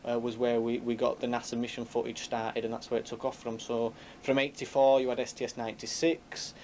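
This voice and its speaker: A man's voice: medium pitch, level tone, a little fast, darkish tone, a little hiss or hum. A man who founded a UFO group, talking in a rambling, casual interview with many fillers.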